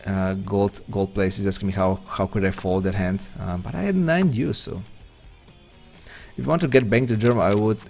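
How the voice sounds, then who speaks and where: A man's voice: on the low side, normal speed, creaky, a little mellow, soft background music. A man chatting loosely with viewers while streaming an online poker game, rambling and self-deprecating. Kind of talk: live-stream chat while playing.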